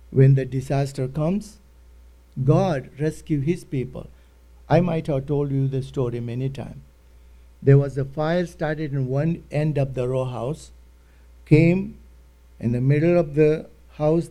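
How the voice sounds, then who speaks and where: A man's voice: on the high side, dark tone. A male pastor preaching a sermon, telling healing stories and acting out the dialogue. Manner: retells stories with acted-out dialogue.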